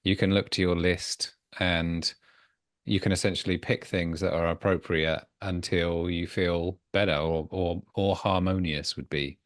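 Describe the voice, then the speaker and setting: A man's voice: low-pitched, fairly even intonation, a little slow, no echo, clean studio sound. A man hosting a podcast interview, polite and appreciative, with some hesitant phrasing. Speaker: podcast host. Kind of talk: interview questions.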